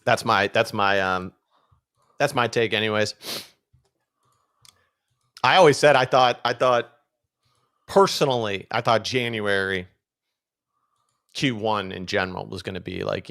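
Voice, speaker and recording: A man on a podcast video call, talking in a relaxed, joking way with lots of fillers. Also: fairly low pitch, unhurried, vocal fry, pauses often. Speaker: podcast guest, crypto trader. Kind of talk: casual podcast chat. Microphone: webcam setup on a video call.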